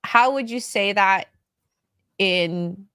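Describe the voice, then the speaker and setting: A woman co-hosting a casual podcast chat, jokey and animated, often slipping into quick mock voices. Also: mid-range voice, smooth, dry recording, clean studio sound. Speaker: co-host.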